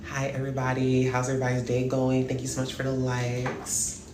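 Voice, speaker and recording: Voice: medium pitch, completely flat delivery, brisk, noisy background. A live stream host chatting casually and greeting viewers one by one in an upbeat way. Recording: echoey room with faint music.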